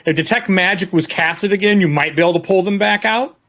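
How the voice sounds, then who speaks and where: A man's voice: high-pitched, fast talker, a bit bright. A man acting as game master of a tabletop game, describing scenes and making matter-of-fact rulings.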